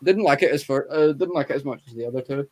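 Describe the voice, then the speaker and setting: A man's voice: medium pitch, fast, darkish tone. A man hosting a casual movie chat, rambling with stammering restarts and swearing freely.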